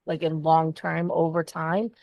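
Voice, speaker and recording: Podcast co-host, woman, lower voice, frank and expressive, dry studio sound. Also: measured pace, creaky, no echo. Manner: candid and expressive, swears freely. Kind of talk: casual chat.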